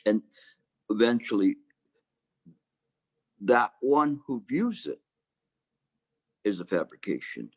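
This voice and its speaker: A man giving a Chan meditation dharma talk, halting with restarts and fillers, with gentle humor. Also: lowish voice, sing-song, no room sound. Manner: hesitant, many restarts and fillers.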